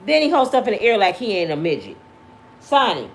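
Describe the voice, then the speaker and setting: A woman in her fifties hosting her own vlog, talking straight to her viewers in a passionate, preachy way and sometimes yelling. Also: fairly low pitch, big pitch swings, normal speed, slight background noise. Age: 50s. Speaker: vlog host. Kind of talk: casual talk to viewers.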